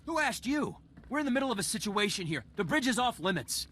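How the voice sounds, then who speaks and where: A panicked starship officer, high-pitched. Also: male voice, big pitch swings, fast, pushed and bright, slight background noise, heavily acted. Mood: despairing. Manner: panicked and defeatist. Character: despairing male starship first officer.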